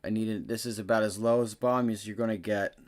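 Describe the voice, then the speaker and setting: A man hosting a live day-trading stream, cursing bluntly and swinging between low muttering and loud excited bursts. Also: quick pace. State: frustrated. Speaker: livestream day-trading host.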